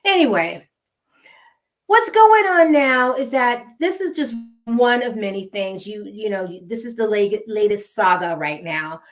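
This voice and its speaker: A woman's voice: mid-range voice, lively intonation, a little slow. A woman with a West Coast American accent gives casual, emphatic gossip commentary and repeats words for effect. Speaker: gossip vlogger.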